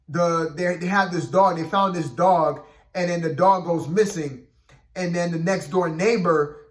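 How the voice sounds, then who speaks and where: Casual reviewer, male, higher register, loose filler-heavy delivery, roomy echo. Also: a bit bright. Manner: rambling, filler-heavy, keeps saying "you know what I mean". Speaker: TV episode reviewer.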